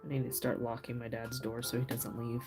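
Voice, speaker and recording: A woman's voice: rumbling low, little pitch movement, fairly quick, a little mellow. A middle-aged woman hosting a craft livestream, chatting casually with viewers, laughing often and telling loose stories full of fillers. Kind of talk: casual chat with live viewers. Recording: faint music behind.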